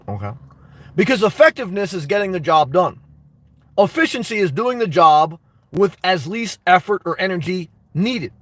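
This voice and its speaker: On a casual live stream, this YouTube host speaks at normal speed in a high, sing-song voice, repeating his points emphatically and laughing between comments to viewers. The mic is distant, and there is no echo.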